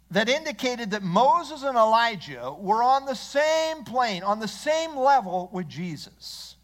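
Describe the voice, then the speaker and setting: A man preaching an expository sermon, measured and earnest, leaning on key phrases for emphasis. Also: sits high, fairly bright tone. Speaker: pastor.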